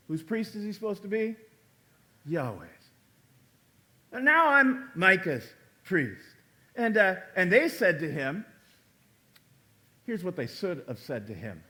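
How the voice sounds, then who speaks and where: A male pastor preaching a conversational sermon in a church, acting out quoted lines with sudden jumps in pitch and loudness. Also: sing-song, moderate pace. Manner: conversational preaching, acts out quoted dialogue with big pitch swings.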